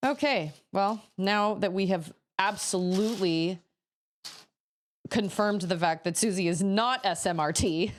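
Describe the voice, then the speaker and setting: A woman's voice: mid-range voice, a little slow. A woman in her thirties chatting casually as a streamer, laughing often and breaking into sudden exclamations. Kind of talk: casual chat while building.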